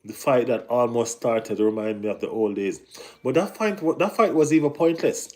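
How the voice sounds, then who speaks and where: A man hosting a casual live football chat, talking in an animated way with lots of slang and repeated phrases. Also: mid-range voice, moderate pace. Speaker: football channel host.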